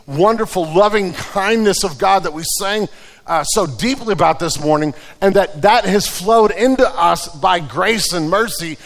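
A man's voice: high voice, fairly bright tone, in a large hall. A man preaching a sermon in a conversational way, often restarting phrases and telling everyday stories. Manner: conversational preaching with repeated restarts and told anecdotes. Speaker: pastor.

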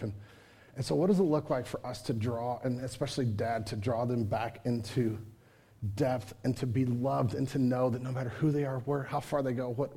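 A man preaching a casual, energetic sermon, full of slang and asides, sometimes dropping to a hushed tone. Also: medium pitch, breathy edge. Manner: drops to hushed intimate tone. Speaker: pastor.

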